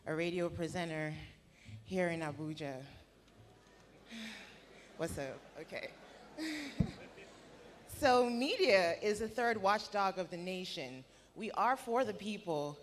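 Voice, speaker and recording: A slightly breathless woman speaks slowly and deliberately, pressing a string of pointed rhetorical questions. Her voice carries from the gallery of a big conference hall, a little distant from the mic. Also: fairly low pitch. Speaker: radio presenter asking a question.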